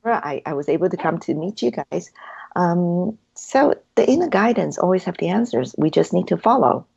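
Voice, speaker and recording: A woman's voice: on the low side, lively intonation, normal speed, creaky, darkish tone, husky. A woman guest in an interview, earnestly telling her story and acting out her own inner dialogue in a dull, lo-fi recording. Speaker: hypnotherapy practitioner, guest.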